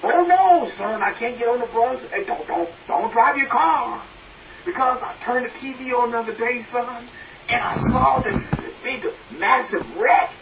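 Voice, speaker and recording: A man's voice: very high-pitched, moderate pace, recorded from a distance, highs cut off, background noise, pitched above the performer's own voice. A man voicing his elderly mother, a worried woman who keeps refusing to travel out of fear. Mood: fretful.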